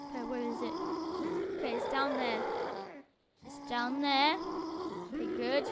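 A woman hosting a gaming channel, giving excitable Minecraft gameplay commentary full of exclamations and urging. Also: high-pitched, a little slow, long pauses, heavy background noise.

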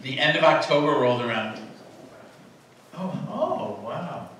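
A fairly high-voiced man delivers a sermon in a casual, chatty way, often stopping to fix his words and laughing with his listeners. He is recorded from a distance in a very reverberant church sanctuary, with faint room noise behind him. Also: lively intonation, unhurried, a bit bright. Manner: conversational, self-correcting, laughing asides to the congregation. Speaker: preacher.

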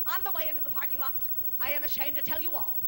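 With a high-pitched, rapid-fire delivery, a woman in her forties tells bawdy jokes in a brassy, teasing way. She is a singer and comedian doing live stand-up on a large concert hall stage, and there is background noise.

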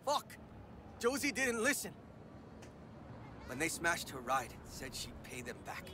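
A man's voice: fairly high pitch, big pitch swings, measured pace, noisy background. A man voicing a distraught gang member in a video game, agitated and swearing as he pleads for news of a lost friend. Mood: distressed.

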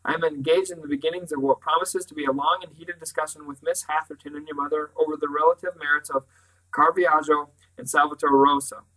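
A brisk, kindly old great-uncle from a storybook, clipped and fond in his speech, as a man reading aloud puts him on. The voice is bright, with a sharp edge. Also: fairly high pitch, steady tone, poor audio. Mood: dry.

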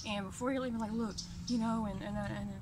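A woman's voice: medium pitch, steady tone, fast talker, background noise. A woman at home, ranting angrily and profanely to her camera in a heated, repetitive, confrontational way. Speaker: vlogger. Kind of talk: angry direct-to-camera rant.

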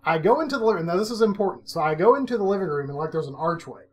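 A middle-aged man telling a personal story in a casual, animated way, laughing often and acting out what he said at the time. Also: high voice, racing. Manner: animated, self-mocking, laughs often, acts out his own quotes.

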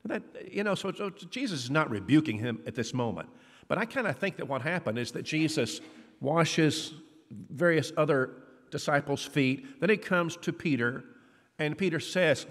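A man preaches a sermon in a chatty, storytelling way, his pitch sitting a bit high. He leaps higher when he acts out the voices of the people in the story. His words ring out with a long church reverb. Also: expressive, moderate pace, a bit bright. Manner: conversational, acts out quoted dialogue with rising pitch. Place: church hall.

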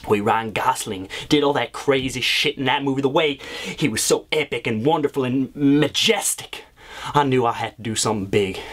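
In a comedy sketch monologue, an actor plays an unhinged young man obsessed with a movie star. His slightly bright voice lurches from low, profane mutters to shrill outbursts.

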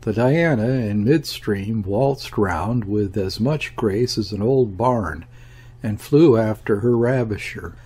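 A man narrating a classic novel as an audiobook, reading in a measured, deliberate way. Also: on the low side, mellow, breathy edge. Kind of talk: scripted narration.

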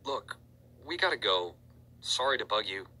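A man reading aloud and voicing a cautious, anxious young teenage boy in a raised, boyish pitch. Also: big pitch swings, moderate pace, bright, forceful tone, a little hiss or hum, exaggerated voice, rough recording. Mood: worried.

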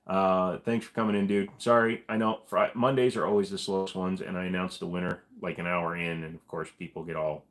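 A man's voice: low-pitched, fairly even intonation, quick pace, few pauses. A man hosting a live stream, answering viewer questions in a blunt, profane, casual way.

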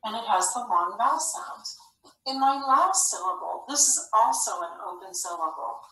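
Bright-voiced woman teaching phonics. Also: on the high side, animated, faint music behind. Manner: slow, clear, encouraging classroom delivery. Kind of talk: phonics lesson for young children. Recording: echoey room, slightly far from mic.

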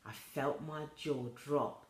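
Woman reading a storybook aloud, low and slow, echoey room. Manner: slow, soft reading with quoted voices lifted higher. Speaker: reader of a children's novel. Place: school room.

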